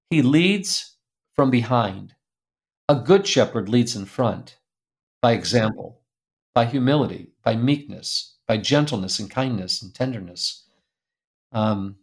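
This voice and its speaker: Earnest male guest storyteller, gravelly edge, animated and heartfelt. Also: mid-range voice, unhurried. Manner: animated, acts out quoted voices; earnest, drops to a soft hush at tender moments. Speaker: guest speaker, publisher founder. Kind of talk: emotional storytelling in an interview.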